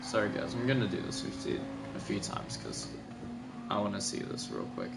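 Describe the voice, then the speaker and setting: With gameplay music behind him and a very noisy recording, a young man casually commentates a replay of his own race for a gaming video. He sounds sleepy, yawns, rambles, and self-corrects amid many fillers. His lowish voice has vocal fry and huge pitch swings at a moderate pace.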